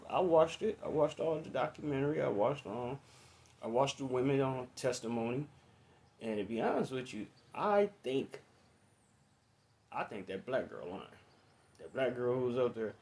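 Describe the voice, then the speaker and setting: A man's voice: medium pitch, a little mellow. A man, talking in a casual, profane monologue, blunt and opinionated and full of strong swearing. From United States. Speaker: commentator.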